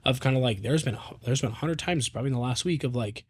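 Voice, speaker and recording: A man's voice: medium pitch, quick pace, breathy edge. A man in his thirties, a podcast co-host, talking casually in a rambling way with lots of fillers. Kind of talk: casual chat.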